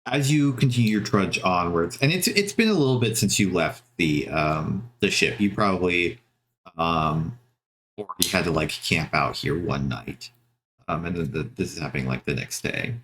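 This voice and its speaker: A man with a low, deep voice narrates the scene as game master of a tabletop game. He meanders through his descriptions with frequent ums and restarts. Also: moderate pace. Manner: relaxed, meandering with many fillers.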